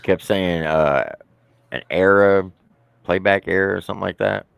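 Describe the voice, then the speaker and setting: A man's voice: deep voice, moderate pace, creaky, clear, resonant tone, no room sound. A man chatting as a guest on a live stream in a folksy, emphatic way. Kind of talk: casual live stream chat.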